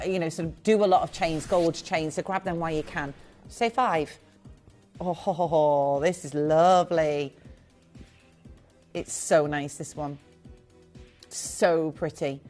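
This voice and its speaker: Female live shopping host, low-pitched, gushing and chatty, light music bed. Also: a little mellow. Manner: chatty, gushing, quick asides. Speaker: shopping channel presenter. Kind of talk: live TV jewellery selling.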